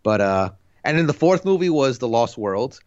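A man's voice: mid-range voice, sing-song, moderate pace, a little mellow, dry recording, dull audio. A man in his thirties co-hosting a podcast, chatting casually in a rambling, laid-back way full of fillers. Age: 30s. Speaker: podcast co-host. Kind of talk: casual chat.

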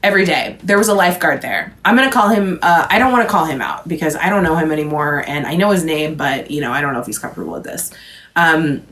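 A woman's voice: low-pitched, lively intonation, fast, a bit bright. A woman in her twenties from Houston, co-hosting a podcast in casual chat, rambling with lots of "like" and frequent swearing. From Houston, Texas. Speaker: podcast co-host.

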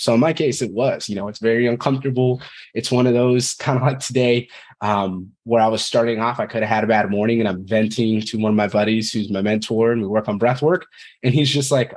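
A man's voice: mid-range voice, fairly even intonation, fast, a little mellow. A man in his thirties, a podcast guest, telling his personal story candidly and in a rambling way, cursing now and then. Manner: rambling, frank, curses casually.

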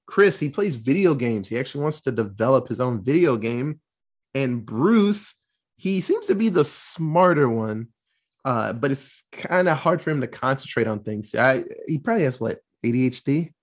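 A man casually recapping a film plot, swearing freely and acting out the characters' lines in quick put-on voices. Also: mid-range voice, animated. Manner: loose, profane, acts out quotes in quick voices. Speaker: podcast host recapping a film. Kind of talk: casual chat.

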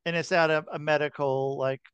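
A man's voice: on the high side, steady tone, fairly quick, a bit bright, smooth, no room sound, highs cut off. A man hosting a podcast, chatting casually with a guest, swearing freely and restarting his sentences. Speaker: podcast host. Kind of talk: casual interview chat.

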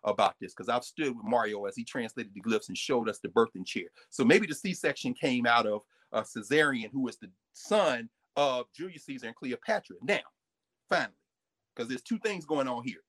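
A man, a professor, talking in an energetic storytelling way and acting out little asides and voices. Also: mid-range voice, moderate pace, dry recording. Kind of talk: animated lecture-style talk.

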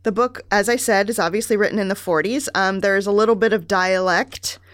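A woman's voice: mid-range voice, steady tone, brisk, a bit bright, no echo, studio quality. A woman in her thirties co-hosting a book podcast, chatting casually with wry asides and laughs. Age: 30s. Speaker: podcast co-host reviewing a book. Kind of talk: casual chat.

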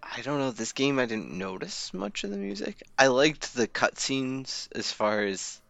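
A man's voice: medium pitch, very animated, measured pace, creaky, a bit bright, dry recording. A man in a casual game-review chat, speaking plainly and matter-of-factly.

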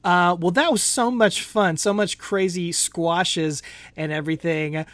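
A man's voice: sits high, fairly even intonation, unhurried, a bit bright, dry recording. A man co-hosting a podcast in casual chat, rambling and laughing often. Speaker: podcast co-host.

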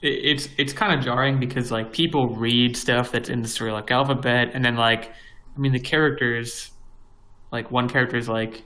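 Here a young man co-hosts a podcast in loose, rambling chat packed with fillers and false starts. He has a medium pitch, a steady, sharp tone and a fairly quick delivery, captured on a low-quality recording.

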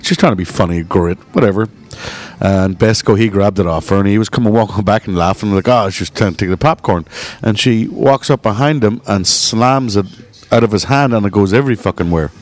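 A man's voice: fairly low pitch, fairly quick. A man, a bar co-owner, telling profane stories in casual chat and laughing as he goes. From Northern Ireland. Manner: profane storyteller, laughs mid-story.

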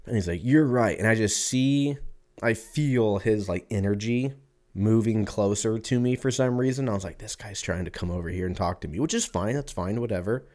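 A podcast host tells a long, wandering, profane story in a relaxed way, acting out the lines of the other people in it. His voice is fairly low and a little mellow, at a normal speed.

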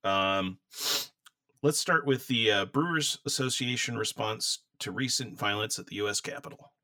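A man with a lowish, sharp-toned voice co-hosts a casual beer podcast from a room at home, talking at normal speed in a dry recording. He rambles with plenty of fillers and laughter, coughing now and then from the dry air.

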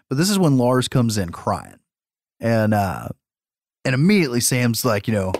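A man's voice: medium pitch, takes it slowly, long pauses, no echo, clean studio sound. A man hosting a podcast, recapping a movie in a casual, profane way and laughing often. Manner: profane, laughing, animated storytelling. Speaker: podcast host.

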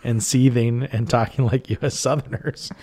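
A man's voice: medium pitch, fairly even intonation, a little mellow. A man co-hosting a casual film podcast, teasing his co-host and laughing often. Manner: teasing, laughs often, quick back-and-forth.

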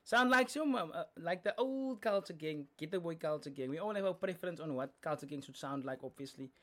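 Chatty South African man, fairly high voice. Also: animated, a little fast, a little mellow. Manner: chatty, explaining lyrics, code-switching slang. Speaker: reaction video host. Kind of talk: casual reaction commentary.

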